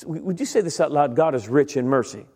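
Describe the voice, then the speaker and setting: His fairly high voice is mellow and slightly rough, animated and a little fast, as this middle-aged man preaches. He shares his testimony conversationally, addressing the congregation directly amid a large hall's long reverb.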